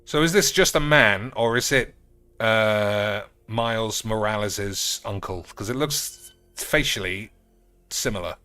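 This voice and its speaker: A man's voice: fairly low pitch, unhurried, clear, resonant tone, no room sound, soft background music. Crude sarcastic male card-game streamer. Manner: crude, sarcastic, swears often; bursts into loud outbursts. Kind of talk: casual card game commentary.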